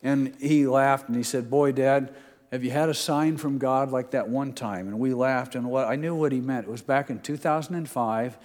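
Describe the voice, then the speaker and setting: A man's voice: mid-range voice, moderate pace, darkish tone. A middle-aged male pastor preaching a sermon in a conversational way, reading scripture aloud with emphasis. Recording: long reverb of a large hall.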